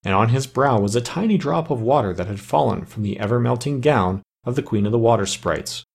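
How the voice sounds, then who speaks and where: A man reading a fairy tale aloud in a measured, even storytelling manner. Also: medium pitch, vocal fry, slightly rough. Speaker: audiobook narrator.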